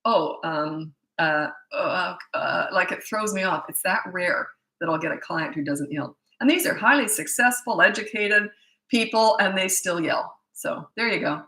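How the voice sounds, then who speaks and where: A woman's voice: medium pitch, animated, normal speed, sharp tone, roomy sound, poor audio. A middle-aged woman parenting coach answering viewer questions in a blunt, emphatic way, often restarting her sentences.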